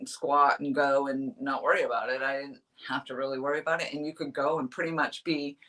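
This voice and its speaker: A woman's voice: extremely low pitch, little pitch movement, brisk, sharp tone. A woman from New Hampshire chatting casually on a live stream as a fishing vlogger, rambling and laughing often as she reads the chat.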